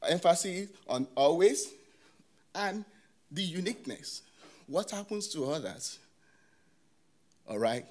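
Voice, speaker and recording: At a conference, a man presents academic research, speaking haltingly with frequent "you know" fillers and false starts while posing questions to the audience. His voice sits a little high.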